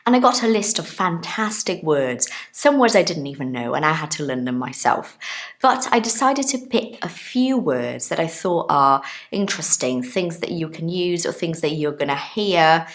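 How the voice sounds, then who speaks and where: A woman's voice: sits low, lively intonation, normal speed. A woman in her thirties giving a casual online English lesson, chatting to her viewers, explaining words with everyday examples and checking in with them. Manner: chatty, explains with examples, asks listeners questions. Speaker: English teacher.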